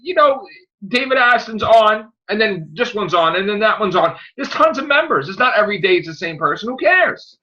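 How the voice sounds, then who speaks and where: High, animated, profane man ranting. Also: moderate pace. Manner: profane, combative, repetitive ranting. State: recovering from illness. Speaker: podcast host. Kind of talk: casual podcast rant. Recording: muffled lo-fi podcast audio.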